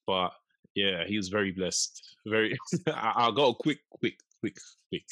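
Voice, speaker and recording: Deep-voiced young man telling stories. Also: unhurried, no echo. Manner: animated storyteller, acts out quotes, laughs often. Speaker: podcast co-host. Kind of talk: casual storytelling chat.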